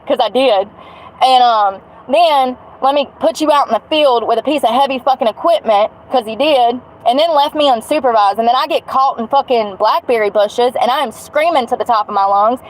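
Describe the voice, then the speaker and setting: A woman's voice: on the high side, moderate pace, rough recording. A woman venting bluntly on a livestream, swearing as she rants. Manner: angry, blunt, swearing rant. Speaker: vlogger.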